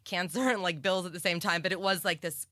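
A middle-aged woman with a low-set but bright, forceful voice, chatting as a guest in an interview. She tells her story in a rush of "like" fillers and quick laughs. The recording is dry and close, with no room around it. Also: fairly even intonation, no echo. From Cape Cod, Massachusetts. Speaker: author guest. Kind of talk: casual interview chat.

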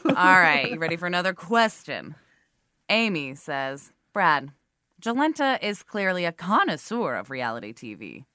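A woman with a lowish, bright voice co-hosts a casual podcast chat, blunt and joking, her pitch moving a lot. The sound is dry and close. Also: big pitch swings, moderate pace, no room sound. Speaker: podcast co-host.

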